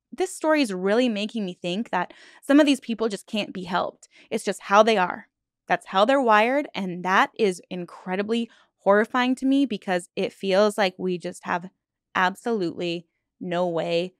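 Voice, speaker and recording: A woman hosting a true crime channel, telling a dark case in a casual, earnest way with asides and fillers, sometimes choked up. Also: mid-range voice, no echo, studio quality. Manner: earnest, emotional, choked up at times; conversational with many fillers and restarts.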